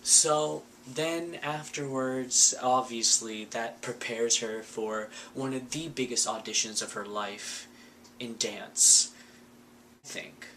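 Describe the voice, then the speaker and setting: Man, casual movie recap, sarcastic, filler-heavy, bright voice, mid pitch. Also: slow, slight background noise. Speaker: vlogger.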